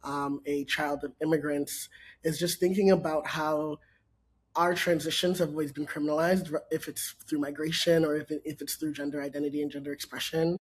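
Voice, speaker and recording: A man's voice: on the high side, flat delivery, fairly quick, husky. A man from Minnesota speaking as a panelist and organizer, reflective and casual with frequent fillers.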